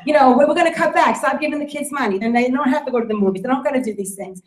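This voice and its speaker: A woman stands before a room and makes an emphatic sales pitch, hammering her points home by repeating them. Her voice sits on the high side. The sound echoes around the meeting room. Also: racing. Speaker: network marketing presenter.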